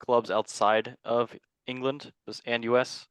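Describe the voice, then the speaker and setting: A man hosting a casual football podcast, rambling and making fun of himself, often trailing off quietly. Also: medium pitch, flat delivery, slow pace, clean tone, no echo. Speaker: podcast host. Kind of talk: casual chat.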